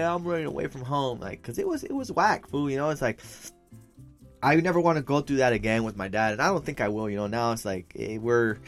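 A young man telling a story in casual talk, slangy and profane, mixing in Spanish phrases and calling his friend "fool". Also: medium pitch. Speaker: podcast co-host telling a story.

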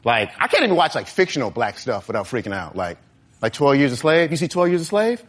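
Animated stand-up comic working a crowd. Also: male voice, medium pitch, fast. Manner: animated, talks straight to the crowd. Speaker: stand-up comedian. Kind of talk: stand-up set. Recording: live show with crowd noise.

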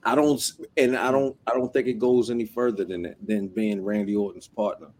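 A man's voice: on the low side, steady tone, fairly quick, a little mellow. Profane rambling male co-host. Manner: rambling, profane, repeats himself. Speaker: podcast co-host. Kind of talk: casual chat.

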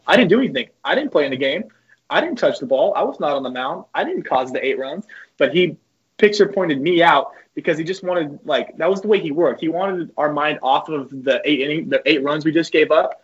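Young man, husky voice, slightly high pitch, casual profane storyteller, dull lo-fi recording. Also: brisk. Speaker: guest, former college pitcher. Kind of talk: casual podcast chat.

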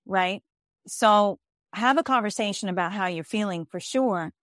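A woman's voice: mid-range voice, a little slow, fairly bright tone, no room sound. Brief: woman coach guest, insistent and repetitive, close dry voice. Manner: emphatic, repeats key phrases, restarts often. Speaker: executive life coach and author. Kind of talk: interview guest explaining ideas.

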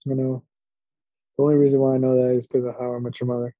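A man's voice: medium pitch, flat delivery, fast talker, dry recording. A man co-hosting a casual sports podcast, easygoing and rambling as he talks. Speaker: podcast co-host. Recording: dull lo-fi mic.

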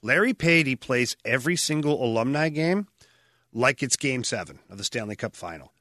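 Guy on a podcast telling hockey stories, punchy bright voice, dry close mic. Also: mid-range voice, moderate pace, dry recording. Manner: lively storyteller acting out quotes. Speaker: retired hockey player, podcast co-host. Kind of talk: casual podcast chat.

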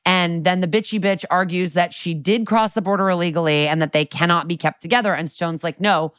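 A woman's voice: lowish voice, fairly even intonation, a little fast, fairly bright tone, clean tone, no room sound, studio quality. A woman co-hosting a podcast, chattily recapping a TV episode with sarcastic asides and quoted lines. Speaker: podcast co-host. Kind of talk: casual recap chat.

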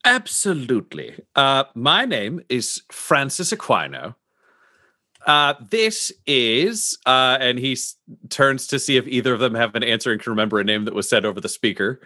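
Lively player, bright voice, dry close sound. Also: male voice, medium pitch, moderate pace, no room sound. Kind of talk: tabletop role-play.

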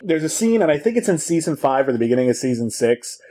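A man co-hosting a casual chat about a TV show, animated, quick, repeating words as he gets going. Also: on the high side. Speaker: podcast co-host.

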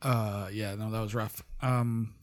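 A man chatting casually as a podcast guest, relaxed and rambling, laughing often. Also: on the low side, slow pace. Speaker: guest and pipe band member. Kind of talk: casual chat.

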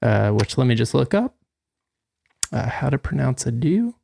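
A man co-hosting a podcast, laid-back and quick to laugh. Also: mid-range voice, sing-song, creaky, darkish tone. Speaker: podcast co-host. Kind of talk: casual chat.

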